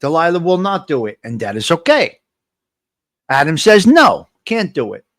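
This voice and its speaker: A high-voiced man hosts a live morning coffee stream and talks straight to his viewers, repeating his points in a motivational tone. He reads out the names and answers of people in the chat. He is close on the mic and sounds dry, with no room around him. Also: sing-song, normal speed, a bit bright, no echo. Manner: motivational, repetitive, addresses viewers directly. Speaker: livestream host. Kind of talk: casual live morning chat, reading chat comments.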